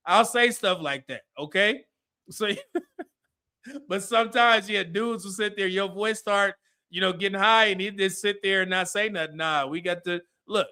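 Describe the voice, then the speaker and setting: Guy hosting a show review, high bright voice, acts out lines as he talks. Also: moderate pace, long pauses, smooth. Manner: animated, acts out quoted dialogue. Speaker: host reviewing a dating show. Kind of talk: casual live commentary.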